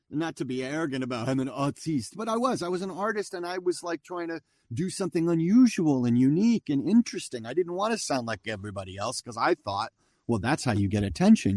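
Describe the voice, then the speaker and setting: Expressive and a little quick, a man in his fifties speaks in a slightly high, darkish voice. He's a voice actor guest in a casual interview, telling stories chattily and playing out others' lines. The studio-quality recording has no echo.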